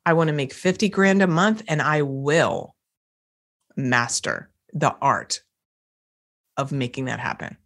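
Energetic woman, motivational podcast host. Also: low voice, measured pace, long pauses. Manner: energetic, emphatic, acts out phrases.

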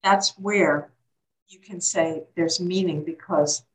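A woman with a lower voice, speaking thoughtfully as an interview guest. She often doubles her words mid-thought, in an unhurried conversational way. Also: fairly even intonation, poor audio. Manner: reflective, repeats words as she thinks. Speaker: guest, caregiving expert.

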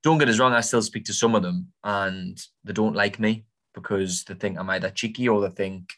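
A man's voice: on the low side, steady tone, normal speed, a bit bright. A young man, giving blunt, informal property advice as a podcast host in a casual monologue. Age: young adult.

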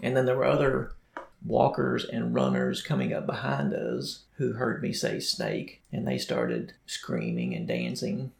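A man's voice: fairly low pitch, sing-song, a little slow, creaky, reverberant. A man co-hosting a running podcast, telling a story in a casual, playful way. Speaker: podcast co-host. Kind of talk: casual chat.

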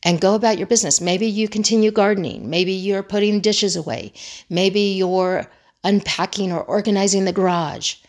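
A woman's voice: medium pitch, moderate pace, a little mellow. A woman who trains people in crisis communication gives a motivational teaching talk, earnestly repeating her key phrases for emphasis.

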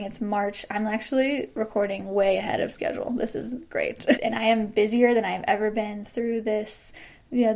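Upbeat woman host in her thirties, chatty solo podcast, laughs easily. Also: on the high side. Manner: bubbly, laughs often, acts out quoted excited voices. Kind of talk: casual solo podcast monologue.

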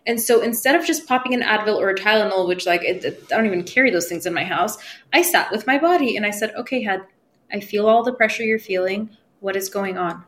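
A woman who works as a spiritual medium, talking as a podcast guest in a casual, expressive way, acting out her own inner dialogue and swearing casually. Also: medium pitch.

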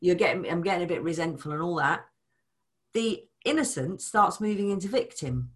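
A woman talking as a money coach in a casual chat, animated, acting out people's voices and swearing casually. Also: lowish voice, normal speed.

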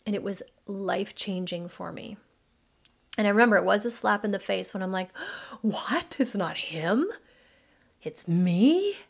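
A middle-aged woman hosting a podcast, telling a personal story in an earnest, animated way and acting out dialogue. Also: mid-range voice, vocal fry. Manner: addresses listeners as mamas. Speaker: podcast host, midlife coach. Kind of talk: casual monologue podcast.

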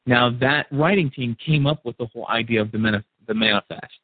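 A man's voice: mid-range voice, fast, slightly rough, no echo. A man hosting a call-in discussion, rambling and repeating words as he thinks. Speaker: call-in show host. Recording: tinny phone-like line.

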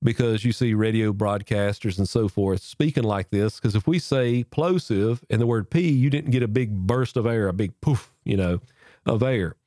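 A man hosting a podcast, casually explaining mic technique in a folksy way while he speaks into a boom-arm microphone with a foam cover. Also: normal speed, dark tone, dry recording, clean studio sound. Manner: folksy, repeats and restarts while demonstrating at the mic. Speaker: podcast host teaching audio gear. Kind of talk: casual instructional talk to camera. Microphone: boom-arm microphone with foam cover close to his face.

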